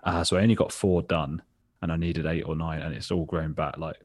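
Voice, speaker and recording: A man in his early thirties talks as a guest on a podcast, with a very low voice. He rambles through his stories in a self-mocking way, laughing and swearing casually. His tone has a husky, breathy edge. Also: little pitch movement, a little fast, a little mellow, no echo, studio quality. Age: 30s. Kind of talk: casual interview chat.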